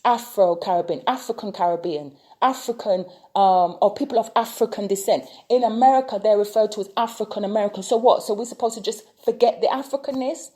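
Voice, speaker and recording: A woman's voice: medium pitch, a little fast, few pauses, mellow. A woman vlogging an impassioned rant, full of repeated rhetorical questions. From United Kingdom. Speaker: tarot reader and vlogger. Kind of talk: opinion vlog rant.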